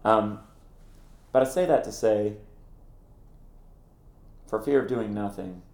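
A middle-aged man, a ministry founder and former campus minister, telling stories in an interview in an animated way, laughing at himself. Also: fairly low pitch, slow pace, reverberant. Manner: animated, acts out quoted voices, laughs at himself. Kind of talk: conversational interview storytelling.

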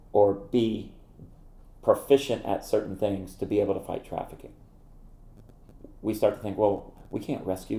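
A middle-aged man, a ministry founder and former campus minister, telling stories in an interview in an animated way, laughing at himself. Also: lowish voice, reverberant. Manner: animated, acts out quoted voices, laughs at himself. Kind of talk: conversational interview storytelling.

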